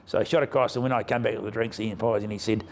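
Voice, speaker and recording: A man's voice: fairly low pitch, steady tone, very fast, gravelly, slight background noise. An older man, a harness racing trainer, telling a rambling, colloquial story that retells old conversations. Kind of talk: anecdotal storytelling in an interview.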